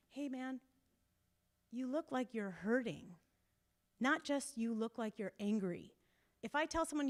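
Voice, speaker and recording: A woman couples therapist talks to a group at a church meeting. She is animated and emphatic, acts out quotes and laughs now and then. Her voice sits a little high. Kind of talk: casual talk to a group.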